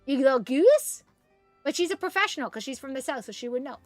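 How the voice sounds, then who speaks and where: A woman streaming a game, chatting casually and excitedly while reading chat aloud. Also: high-pitched, fast talker, no room sound, soft background music.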